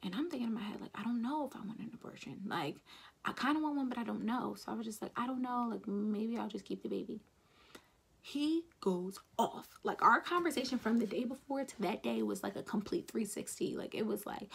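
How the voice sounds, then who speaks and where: Young woman vlogger, casual frank storytelling, gravelly fry, husky edge. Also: a little high, normal speed. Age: young adult. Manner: chatty, frank, quotes others in passing.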